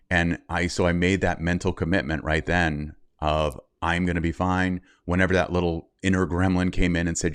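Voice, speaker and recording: A man's voice: low-pitched, a little fast, dry recording, clean studio sound. A middle-aged man, a podcast guest, telling a personal story candidly and acting out the things people said. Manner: candid, animated storyteller who acts out quotes. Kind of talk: interview storytelling.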